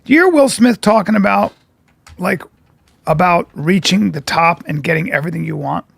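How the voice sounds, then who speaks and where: High gravelly man rambling through stories. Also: moderate pace, a bit bright. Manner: rambling, self-interrupting storyteller. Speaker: podcast co-host and comedian. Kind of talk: casual chat.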